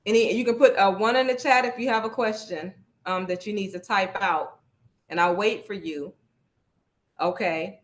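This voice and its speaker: A woman's voice: mid-range voice, normal speed. Casual, encouraging woman workshop instructor. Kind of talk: live online workshop teaching. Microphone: video call.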